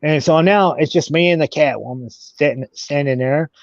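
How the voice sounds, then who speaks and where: Male guest, halting storyteller, somewhat high-pitched, muffled dry recording. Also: dry recording. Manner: halting, repeats words and restarts. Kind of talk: casual storytelling. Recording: dull, dry audio.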